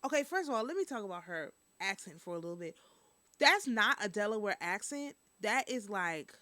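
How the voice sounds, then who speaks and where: A woman's voice: medium pitch, big pitch swings, brisk, sharp tone, dry recording. A woman hosting a casual news and review stream, chatting straight to her viewers.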